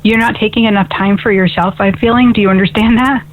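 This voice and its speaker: Hosting a spiritual call-in radio program as an intuitive medium, this woman speaks fast in a mid-range, steady voice. Her manner is upbeat and chatty with frequent "right?" checks, heard through tinny, phone-like radio audio.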